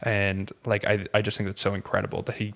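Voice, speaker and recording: A man's voice: on the low side, monotone, fast talker, creaky, a bit bright. A man, a pastor, talking earnestly in casual conversation, with many fillers and restarts.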